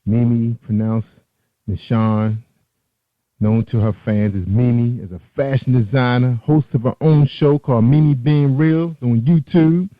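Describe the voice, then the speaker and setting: A man's voice: medium pitch, normal speed, hardly any pauses. A male radio host talks in a loose, chatty way and catches his own slips as he goes. His voice comes through thin and tinny, like a phone line. There is no room echo at all. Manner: loose, chatty delivery with self-corrections. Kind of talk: online radio interview.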